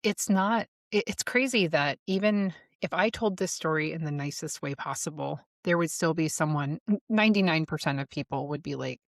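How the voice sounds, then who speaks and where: A woman in her forties talks candidly on her own podcast, blunt and unafraid to swear. She laughs often as she talks. Her voice sits a little low, and the close mic gives a dry sound with no room around it. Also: moderate pace, few pauses, no echo. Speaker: podcast host. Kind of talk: candid solo podcast monologue.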